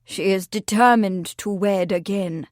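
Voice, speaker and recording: A woman voicing a soft-hearted male village vicar who talks in a hesitant, troubled, muttering way. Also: medium pitch, unhurried, dry recording, clean studio sound, close to an everyday voice.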